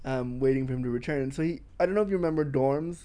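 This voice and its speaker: A man in casual podcast chat, telling stories in a brash, animated way, swearing often and laughing. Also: medium pitch, fast.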